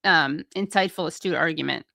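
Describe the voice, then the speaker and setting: Woman host, bright sharp voice, dry close mic, wry asides. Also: low voice, fairly quick, creaky, no echo. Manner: reads quotes aloud, then adds her own wry comments. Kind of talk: casual political talk show.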